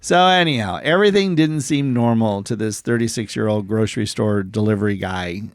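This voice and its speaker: A man's voice: fairly low pitch, fairly quick, dry recording, clean studio sound. A man co-hosting a podcast, casually retelling true stories, joking and laughing, sometimes stumbling over words. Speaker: podcast co-host.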